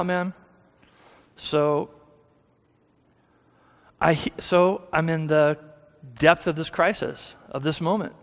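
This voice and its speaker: Long hall reverb fills the church sanctuary as a man delivers a self-effacing personal testimony full of restarts. He speaks slowly with a steady, slightly high voice and takes long pauses.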